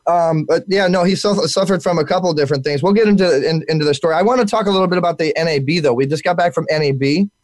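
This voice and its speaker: A man hosting a live internet talk show, energetic and full of fillers and repeated words, while sick. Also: a little high, rapid-fire, few pauses, dry recording.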